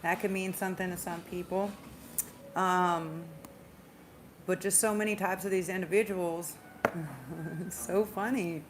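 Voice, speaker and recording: Woman, slight Southern drawl, casual tarot reader; emphatic, repeats herself, rushes and stumbles now and then. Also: fairly low pitch, fairly even intonation, background noise. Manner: chatty, emphatic, repeats phrases, speeds up and stumbles at times. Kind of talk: casual spiritual tarot reading.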